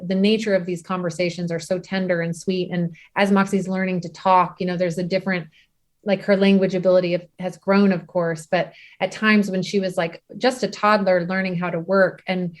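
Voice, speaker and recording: Halting, tender woman telling her story. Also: fairly low pitch. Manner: halting, many restarts, tearful at times. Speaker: guest, bereaved mother. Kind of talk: emotional personal storytelling.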